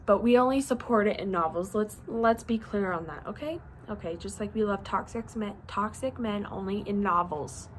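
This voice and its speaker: A woman's voice: mid-range voice, normal speed, few pauses, slight background noise. A young woman chatting casually about books in a rambling, bubbly way, sleepy and yawning now and then. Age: young adult. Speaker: reading vlogger. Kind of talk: casual chat.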